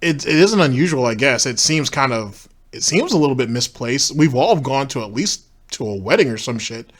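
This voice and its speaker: A man's voice: mid-range voice, animated, moderate pace. A man with a middle-range voice picks apart what he has just watched. His delivery is blunt and dismissive, loose and casual, with offhand swearing. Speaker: commentator reacting to a clip. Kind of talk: skeptical reaction commentary.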